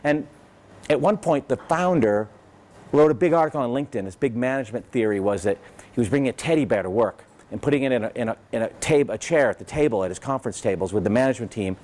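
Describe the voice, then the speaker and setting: Male guest speaker, sardonic and rambling, profane, very lively pitch. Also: fast. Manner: sarcastic, rambling, profane, peppered with "right?" and "you know". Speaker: guest speaker at a business event. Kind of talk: animated conversational storytelling.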